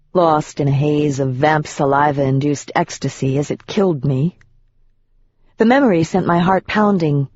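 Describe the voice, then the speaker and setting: An audiobook narrator telling a first-person fantasy story in a measured, even voice of middling pitch. The recording is dry, with no room sound at all, and slightly dull and muffled. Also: no echo.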